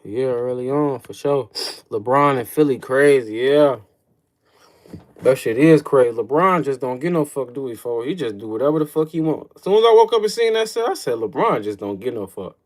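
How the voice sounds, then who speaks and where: A man's voice: mid-range voice, moderate pace. A young man hosting a casual livestream, rambling in slangy, profane talk, calling everyone folks and answering chat questions. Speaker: livestream host.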